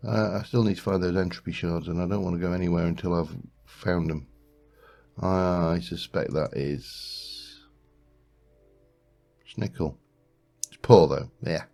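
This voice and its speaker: Deep gravelly man musing over gameplay. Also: steady tone, a little slow, pauses often, warm tone, faint music behind. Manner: rambling, musing aloud with frequent restarts. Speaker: let's play host. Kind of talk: casual gameplay commentary.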